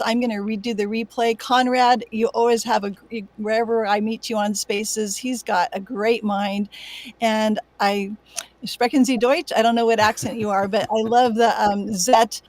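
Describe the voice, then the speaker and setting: A woman in her sixties, a guest on an online panel, talking in an effusive, excitable way and gushing with praise for the others. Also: fairly high pitch, no echo. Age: 60s. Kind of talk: casual online panel chat.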